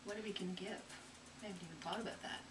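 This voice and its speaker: A woman's voice: lowish voice, fairly even intonation, very fast, a bit bright. A woman co-hosting a casual knitting podcast, chatty and self-deprecating, getting over a cold. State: recovering from a cold. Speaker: podcast co-host. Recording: distant mic with faint room noise.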